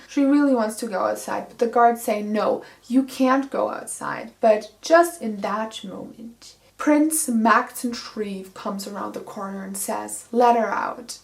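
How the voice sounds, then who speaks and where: A woman's voice: medium pitch, gravelly. A woman giving a casual, sarcastic book recap, full of filler "like"s, recorded in an echoey room. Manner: sarcastic, casual, lots of 'like'. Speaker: book reviewer.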